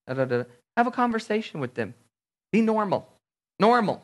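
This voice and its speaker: A man preaching a sermon, animated, acting out little everyday scenes in different voices. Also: high-pitched, normal speed. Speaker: pastor.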